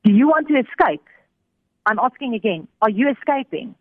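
A woman's voice: fairly high pitch, lively intonation, moderate pace, breathy edge, no echo, voice pushed up. A woman doing barking armed soldiers. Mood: demanding. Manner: barking interrogation. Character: armed male soldiers, harsh and demanding. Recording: thin phone-like radio sound.

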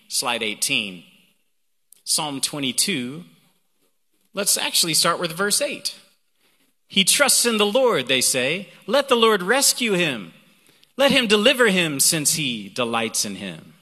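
A man preaching a sermon as a guest preacher, animated and reading scripture aloud with emphasis. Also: high voice. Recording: hall reverb.

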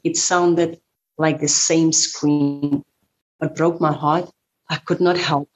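A middle-aged woman recounts a painful personal story. Her voice sits low and stays fairly flat in pitch. She speaks haltingly, with fillers and repeated words. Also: muffled recording. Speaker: survivor guest. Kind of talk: emotional personal testimony.

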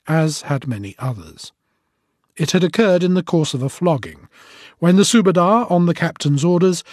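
A man's voice: fairly high pitch, a little mellow, dry recording, clean studio sound. A man reading a passage from a novel in a formal, reportorial style. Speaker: audiobook narrator. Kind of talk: scripted narration, report-like.

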